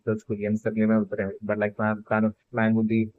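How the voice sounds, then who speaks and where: A fan theory video maker talks fast in a low, completely flat voice, rambling alone about a theory. Nearly every phrase carries "like" or "uh," he restarts sentences often, and the sound is tinny and phone-like.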